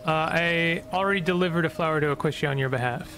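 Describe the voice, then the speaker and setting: A man's voice: on the high side, quick pace, a bit bright. Joking gaming streamer man. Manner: chatty, joking, reacts aloud. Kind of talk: casual let's-play commentary. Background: game music.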